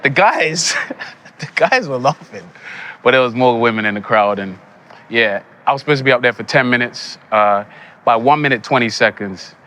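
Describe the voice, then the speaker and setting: A young man, an actor telling stories in a casual interview, animated and laughing often. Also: medium pitch, moderate pace. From England. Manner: animated, laughs often, acts out quoted lines. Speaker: actor guest.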